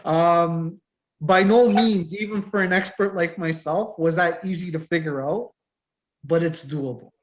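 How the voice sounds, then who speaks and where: A fairly high-voiced middle-aged man, an automotive instructor, chatting over a video call with muffled, lo-fi sound. He talks animatedly and tells shop stories, acting out the customers. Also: unhurried. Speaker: automotive course instructor and mechanic. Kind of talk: casual online info session.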